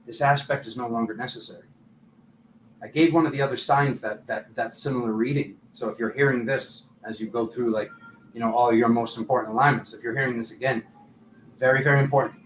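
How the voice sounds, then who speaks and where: A man's voice: medium pitch, fairly even intonation, a little fast. A man hosting a casual live tarot reading, chatty and filler-heavy, often laughing at himself. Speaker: tarot reader and channel host. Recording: echoey room, faint background noise.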